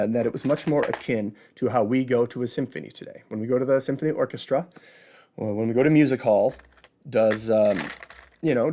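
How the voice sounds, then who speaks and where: A man's voice: mid-range voice, darkish tone. Man from Illinois with a Chicago accent, solo show host, casual and talkative, explains through rhetorical questions. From Midwest, Illinois. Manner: chatty, asks and answers his own rhetorical questions. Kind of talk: casual educational monologue.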